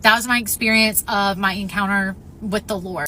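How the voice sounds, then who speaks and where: A woman telling a personal spiritual testimony in an earnest, emphatic way, often pausing with "um" and "if you will". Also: mid-range voice, fairly even intonation, bright, forceful tone, slight background noise. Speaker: storyteller sharing a near-death experience.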